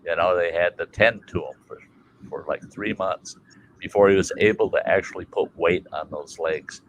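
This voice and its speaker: A man from Minnesota hosting a casual chat stream, telling a family story in a colorful, animated way and swearing freely. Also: sits low, normal speed, slight background noise, poor audio. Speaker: livestream host.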